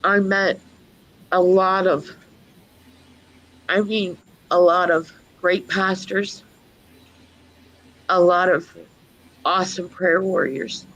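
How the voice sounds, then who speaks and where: A woman, a mother, giving a personal testimony in an earnest, storytelling way with many pauses. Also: on the low side, flat delivery, fairly bright tone, lo-fi sound. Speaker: guest mother.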